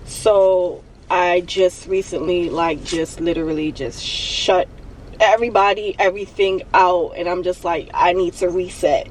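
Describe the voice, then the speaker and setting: A young woman near tears vents into her phone from a parked car for an emotional confessional vlog, speaking in a raw, halting way and repeating herself. Her lowish, steady voice sits back from the mic, with a faint hum of road and cabin noise beneath. The recording is distant and low in quality.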